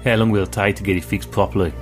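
A man's voice: fairly low pitch, fairly even intonation, rapid-fire, soft background music, lightly acted. A man doing a curt covert agent. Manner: snapping, sarcastic.

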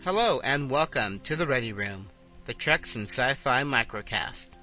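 A man's voice: mid-range voice, animated, normal speed, sharp tone, muffled recording, soft background music. A man hosting a podcast and introducing the episode in an upbeat way. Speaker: podcast host.

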